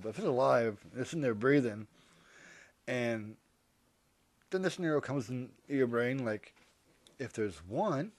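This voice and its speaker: A man's voice: mid-range voice, a little mellow, no room sound. A man rambling through a comedic monologue, interrupting and correcting himself as he goes. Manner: rambling, hypothetical, self-interrupting. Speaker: vlogger.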